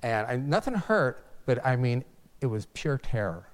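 A man in his sixties, a physician, tells his own story in an earnest, halting way, often restarting his sentences. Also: mid-range voice, very animated. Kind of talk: personal testimony, storytelling.

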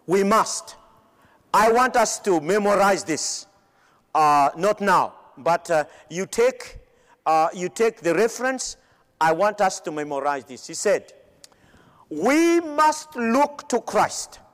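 A man preaches at a slow, deliberate pace, hammering home repeated phrases. His voice sits high and swings widely in pitch. A long reverb trails each line, as in a large hall. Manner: emphatic, with pauses and repeated phrases. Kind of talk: sermon.

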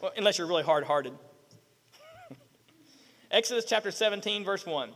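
A middle-aged male pastor preaching a sermon, animated, acting out quotes and firing rhetorical questions at the congregation. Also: high-pitched, normal speed, big-room sound.

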